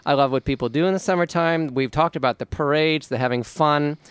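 A man hosts a radio talk show, upbeat and guiding the casual conversation. His voice is smooth and clear. The studio sound is dry, with no echo. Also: a little high, brisk. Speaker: radio host. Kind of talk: casual chat.

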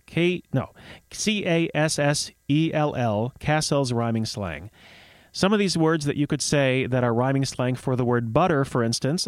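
A man's voice: mid-range voice, no echo. Playful, rambling male radio host. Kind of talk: casual radio talk and storytelling.

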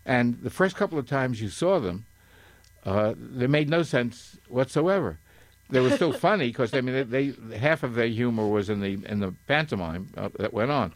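An older man reading a passage from a book and chatting, halting and correcting himself, with frequent chuckles. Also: mid-range voice, expressive, no room sound. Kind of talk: reading aloud and casual chat.

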